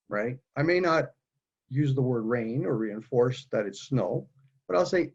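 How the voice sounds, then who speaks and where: A man with a husky, breathy voice speaks earnestly and haltingly, restarting his sentences as he goes. The audio is muffled and lo-fi, like a video call. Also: mid-range voice, animated. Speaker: guest speaker. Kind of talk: candid personal conversation.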